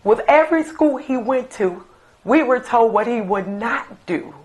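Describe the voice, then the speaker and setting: A middle-aged woman, a mother remembering her late son, telling stories in an interview with slow, emphatic reminiscing and fond asides. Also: on the high side, expressive, poor audio. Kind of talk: recorded interview, personal storytelling.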